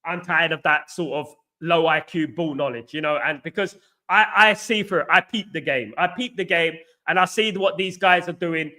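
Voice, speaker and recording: A man with a London accent hosts a live football fan stream, reading out viewer comments and answering them. His voice sits high and sounds bright and forceful. He talks animatedly and drops casual slang as he goes. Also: normal speed. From England. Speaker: fan channel host.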